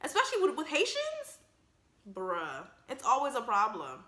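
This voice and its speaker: A young woman giving casual, joking movie commentary in an emphatic, animated way. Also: high-pitched, moderate pace, echoey room. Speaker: vlogger reacting to a film.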